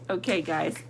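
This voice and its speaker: A woman teacher giving a slow, deliberate vocabulary lesson to young children, sounding out words letter by letter and sometimes dropping to a whisper. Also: low voice, gravelly, background noise.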